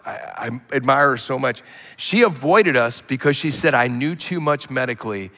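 A man preaching a sermon as a pastor, telling stories with animated emphasis and quiet asides. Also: medium pitch. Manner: animated storytelling, swinging between loud emphasis and quiet asides. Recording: long hall reverb.

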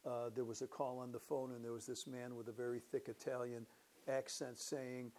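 A man's voice: medium pitch, normal speed. Older man, pastor telling his testimony. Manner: relaxed conversational, warming into animated storytelling. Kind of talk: church announcement and personal testimony.

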